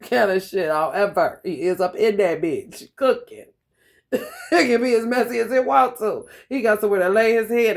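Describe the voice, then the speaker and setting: Woman tarot reader, loose profane delivery, animated, laughs often, mid-pitched voice, talks straight to camera. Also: normal speed, gravelly. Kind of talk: casual profane tarot reading monologue.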